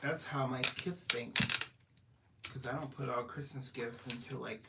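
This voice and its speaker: A woman's voice: rumbling low, steady tone, measured pace. A middle-aged woman chatting casually with viewers on a home livestream while wrapping gifts, greeting them and laughing often. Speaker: livestream host. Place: home at night. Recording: distant mic with loud background noise.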